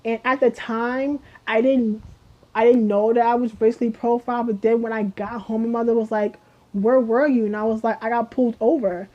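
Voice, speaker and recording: A woman's voice: a little high, little pitch movement, moderate pace. A woman ranting to camera in a vlog, heated and emphatic, swearing often and repeating herself with lots of fillers. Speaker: vlogger. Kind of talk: casual rant to camera. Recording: dull lo-fi audio.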